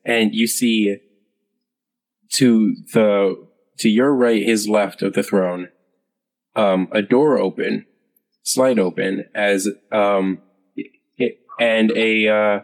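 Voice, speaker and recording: A man narrating as game master of a tabletop game, hesitant and unhurried with many fillers. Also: on the low side, fairly even intonation. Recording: long hall reverb.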